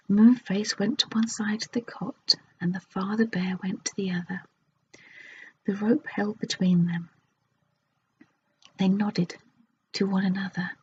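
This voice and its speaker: A woman reads a storybook in a soft ASMR whisper, very slow and unhurried, with a mid-range voice. The recording is dull and lo-fi, a faint hiss running underneath. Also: mid-range voice.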